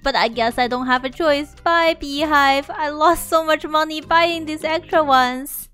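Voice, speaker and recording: A high-pitched woman talks her way through a farming game in a chatty, excitable commentary. She laughs and gasps often as the story unfolds, with faint game music in the background. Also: measured pace. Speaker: gameplay video creator.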